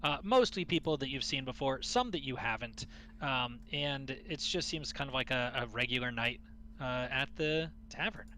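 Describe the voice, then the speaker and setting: A man narrating a tabletop game as game master, halting and full of restarts. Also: medium pitch, lively intonation, pushed and bright.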